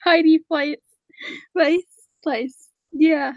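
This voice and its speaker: Very high, slow-talking giggly female co-host. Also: steady tone, dull audio. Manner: giggly, quick short reactions. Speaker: co-host reacting to videos. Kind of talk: casual comedic commentary.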